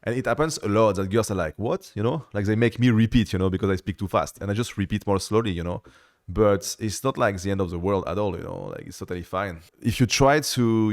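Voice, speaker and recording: A male host with a fairly low voice rambles quickly through a casual reaction chat. He fills his talk with "you know" and "bro". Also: clean tone, dry recording, clean studio sound.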